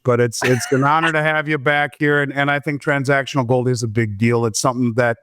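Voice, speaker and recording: A man's voice: medium pitch, fairly even intonation, a little fast, hardly any pauses, fairly bright tone, clean tone, no echo. Male podcast host, chatty and rambling, dry close sound. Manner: friendly, rambling with many fillers and restarts. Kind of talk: casual interview chat.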